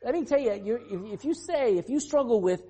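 An animated pastor preaches with a lively, swooping pitch that rises and falls across each phrase. The delivery keeps throwing rhetorical questions at the listeners and acts out quoted speech with sudden swings in loudness. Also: fairly quick. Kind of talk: sermon.

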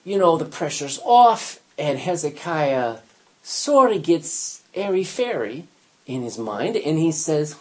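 A man's voice: a little high, big pitch swings, a little slow, a little mellow. An older man teaching an informal Bible lesson, telling stories animatedly with frequent restarts and acted-out quotes.

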